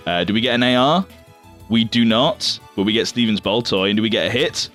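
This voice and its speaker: A man's voice: on the low side, fairly quick, fairly bright tone, soft background music. A young man, chatting casually as he opens trading card packs, rambling, swearing loosely and stumbling over names. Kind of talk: casual unboxing commentary.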